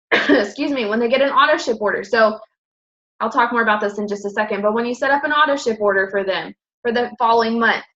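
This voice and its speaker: A woman's voice: fairly high pitch, sharp tone, highs cut off. A woman in her twenties giving a casual presentation to her team, chatty and upbeat, with lots of fillers and self-corrections. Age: 20s.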